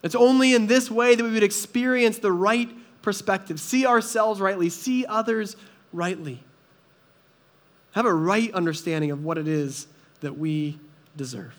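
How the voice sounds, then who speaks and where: Guy with a pretty high voice giving a sermon, chatty and earnest, lots of questions to the crowd. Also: moderate pace. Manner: earnest conversational preaching, rhetorical questions. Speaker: pastor.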